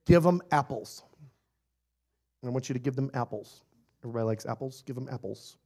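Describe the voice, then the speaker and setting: A man preaching a sermon in a playful, animated way, acting out little scenes and laughing often. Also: mid-range voice, fairly quick, husky.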